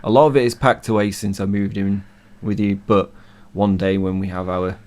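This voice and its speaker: Co-host, man, 30s, lowish pitch, hoarse from a cold, rambles with fan enthusiasm. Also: little pitch movement, moderate pace, a little mellow. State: hoarse from illness. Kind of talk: casual chat.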